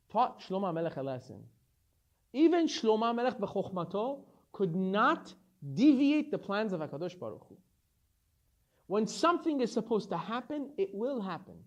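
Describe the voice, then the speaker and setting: A man teaching a Torah lesson as a rabbi, telling stories with animation and acting out the dialogue. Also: high voice. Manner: animated storytelling, acts out dialogue.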